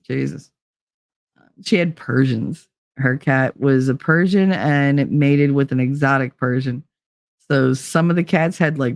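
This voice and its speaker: A woman's voice: very deep voice, a little mellow, no echo, studio quality. A woman hosting a casual livestream, chatting loosely, greeting viewers by name and swearing freely. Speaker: livestream host.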